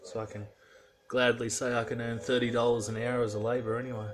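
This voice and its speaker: A man's voice: medium pitch, flat delivery, fast. An Australian man rambling casually through a video diary in a laid-back, slangy way. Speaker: vlogger.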